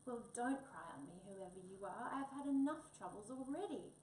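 A woman's voice: on the high side, expressive, normal speed, a little mellow, natural voice. A woman voicing a tiny, fussy, grumpy bush mouse in a storybook, heard in an echoey room from a distance. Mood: huffy. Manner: huffy, fussy, indignant. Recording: echoey room, distant mic, faint noise.

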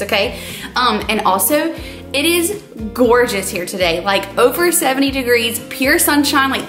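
A woman's voice: fairly high pitch, fairly bright tone. A woman hosts a casual cooking vlog from her home kitchen, talking in a bubbly, chatty way and saying "like" a lot. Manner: bubbly, chatty, says "like" often. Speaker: cooking channel host.

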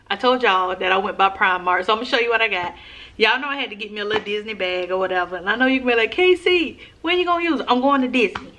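A woman vlogging casually to camera, talking in a chatty, slangy, animated way while sitting on the floor in a dim room at home. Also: medium pitch.

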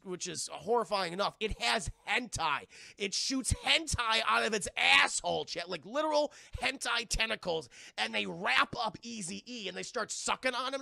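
A man streaming live, recapping a film casually, profane and excitable, and talking to his chat throughout. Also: high-pitched, gravelly, dry recording, studio quality.

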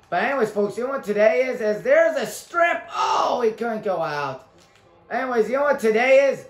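Excitable young man calling video game plays. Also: high-pitched. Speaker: sports talk show host. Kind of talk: casual commentary while playing a basketball video game. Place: small room at a local community TV station. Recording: roomy echo.

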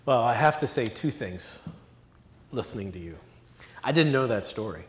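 A man's voice: mid-range voice, expressive, normal speed. A man moderating a conference panel, talking in a jokey, teasing, conversational way. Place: large conference hall. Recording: echoey hall, faint noise.

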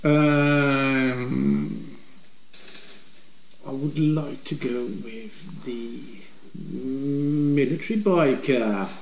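An older man from England's West Midlands, with the accent to match, answers questions as a member of a motovlog group, his casual chat rambling and full of jokey banter. His mid-range voice is extremely slow, and the audio is poor, reverberant, with some hiss or hum.

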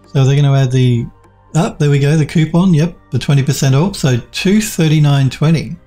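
A man's voice: fairly high pitch, moderate pace, mellow, soft background music. A man developing a game on a live stream, reading viewers' chat aloud and replying casually with lots of fillers and restarts, while he is losing his voice. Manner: reads out chat messages and answers them, with many fillers and restarts.

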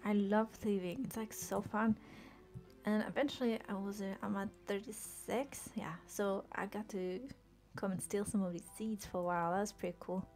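A young woman with a gravelly, vocal-fry edge to her mid-pitched voice, casually narrating her gameplay for a live stream audience. She rambles, laughs and mutters to herself as she goes. Soft game music plays faintly underneath. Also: steady tone, normal speed. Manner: chatty, easily distracted, laughs often, talks to herself. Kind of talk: casual live-stream commentary while playing.

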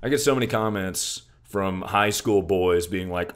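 A man's voice: expressive, moderate pace, hardly any pauses. A young man hosting a casual livestream, laid-back and joking, swearing freely and calling his chat "dude" and "brother". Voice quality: very deep voice.

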